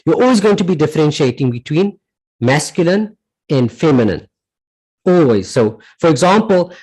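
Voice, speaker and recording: Male language teacher, patient and repetitive, animated pitch, live online class. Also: rough recording. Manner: patient, repeats each word and its meaning; asks "right?" to check understanding. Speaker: Arabic teacher.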